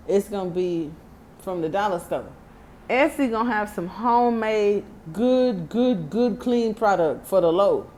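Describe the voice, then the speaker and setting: A woman's voice: medium pitch, a little mellow, slight background noise. Chatty Texan woman reading tarot cards. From Texas. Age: 30s. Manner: chatty, joking asides, reads card text aloud. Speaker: tarot reader. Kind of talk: casual tarot card reading.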